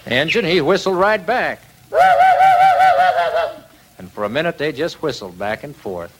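A man's voice: a little high, measured pace. A man telling a children's story on old-time radio with a folksy rural drawl. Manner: folksy rural drawl with lively ups and downs. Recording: crackly old radio transcription.

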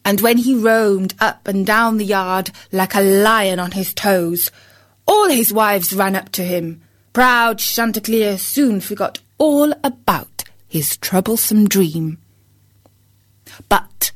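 Slow, measured woman storyteller. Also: medium pitch. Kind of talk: storybook narration.

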